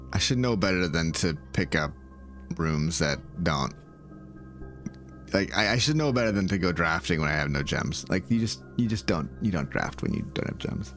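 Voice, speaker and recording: Gravelly, lively man doing game commentary. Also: deep voice, measured pace, long pauses, soft background music. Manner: thinks aloud and talks to viewers; swings from calm planning to loud outcries. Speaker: gaming video creator. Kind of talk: let's-play commentary.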